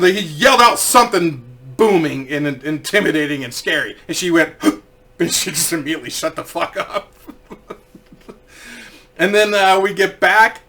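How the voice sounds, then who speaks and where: Brief: young male storyteller, bright voice pitched a bit high, animated and profane. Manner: animated, swears freely, laughs through his stories. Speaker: streamer telling stories. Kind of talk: casual comedic storytelling.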